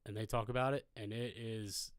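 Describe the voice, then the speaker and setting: Rambling, profane podcast co-host. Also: male voice, lowish voice, fairly even intonation, moderate pace, no room sound, clean studio sound. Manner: loose, rambling storyteller with lots of profanity. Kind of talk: casual chat. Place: live podcast recording.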